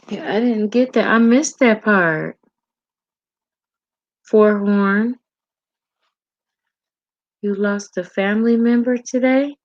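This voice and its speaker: A woman hosting a livestream in a casual, chatty way, answering viewer comments with frequent ums and pauses. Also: mid-range voice, no echo, lo-fi sound. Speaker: livestream host.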